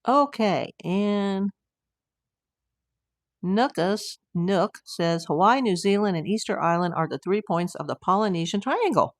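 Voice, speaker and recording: An older American woman hosts a casual livestream, rambling along with asides and fillers as she reads viewer comments aloud. Her mid-range voice has lively intonation and an unhurried pace, recorded in clean studio sound with no room echo.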